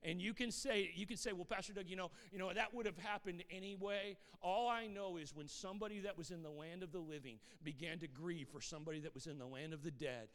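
Earnest pastor preaching in a reverberant church. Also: male voice, high-pitched, quick pace, hardly any pauses, fairly bright tone. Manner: earnest storytelling, repeats words when starting sentences, asks "Amen?"; calls himself reserved by default. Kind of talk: sermon with personal testimony.

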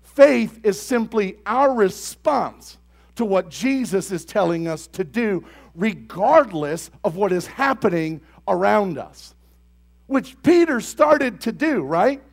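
Man, young adult, pastor, sermon, high voice, lively, quizzes the congregation, loud emphatic peaks. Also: takes it slowly, creaky. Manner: builds to loud emphatic bursts; conversational, asks the congregation questions.

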